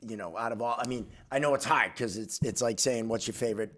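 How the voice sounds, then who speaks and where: A man's voice: medium pitch, quick pace, fairly bright tone. A man hosting a podcast, asking his guest loose, rambling questions in a casual way. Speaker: podcast host. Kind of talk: casual interview chat.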